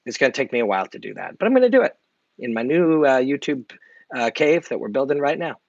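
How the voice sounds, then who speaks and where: A man's voice: medium pitch, big pitch swings, fast, creaky, dry recording. A man chatting live with his viewers, candid and reflective, with a casual habit of swearing. The sound is dull and lo-fi, dry and close with no room around it. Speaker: martial arts analyst and channel host. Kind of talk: casual livestream chat answering viewer comments.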